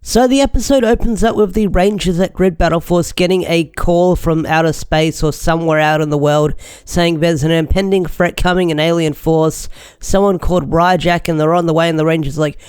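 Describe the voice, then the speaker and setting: A man's voice: fairly high pitch, fairly even intonation, brisk, a little mellow, clean tone, no room sound, clean studio sound. A young man chatting enthusiastically as he reviews an episode, rambling with restarts. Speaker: show reviewer. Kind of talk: casual video review.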